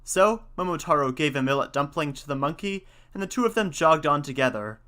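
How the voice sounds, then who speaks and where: Male podcast host; bright, lively storyteller with a conversational aside. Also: a little high, brisk. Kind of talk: storytelling and casual commentary.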